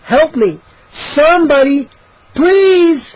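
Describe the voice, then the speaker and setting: A man reading a storybook aloud, voicing a terrified young boy who shouts frantically. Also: very high voice, animated, moderate pace, breathy edge, lo-fi sound, pitched above the performer's own voice, heavily acted. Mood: panicked.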